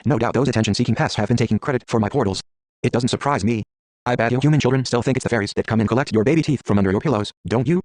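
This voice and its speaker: A man's voice: medium pitch, racing, darkish tone, no echo, close to an everyday voice. A man voicing a scornful male fairy-tale creature with a sneering manner.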